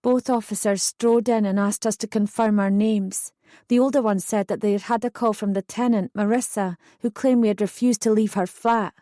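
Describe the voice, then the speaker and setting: Woman reading a true story audiobook, steady and earnest, mellow warm voice, dry close sound. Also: medium pitch, normal speed, no room sound. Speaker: audiobook narrator. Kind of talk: scripted first-person narration.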